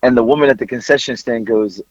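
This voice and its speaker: A middle-aged man co-hosting a podcast, telling stories in casual chat, acting out arguments and swearing freely, with a husky voice. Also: medium pitch, quick pace, highs cut off. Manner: animated, acts out quoted arguments loudly, swears freely. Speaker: podcast co-host.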